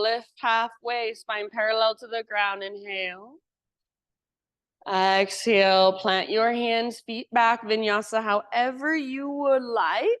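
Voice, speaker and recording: A woman teacher guiding a live yoga class with calm, encouraging cues. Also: fairly high pitch, no room sound.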